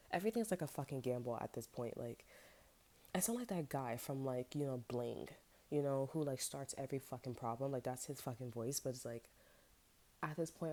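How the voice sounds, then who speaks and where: Low-voiced woman venting, swearing freely. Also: mellow. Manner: profane, venting, drifts into whispers. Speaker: tarot reader. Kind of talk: casual rambling monologue.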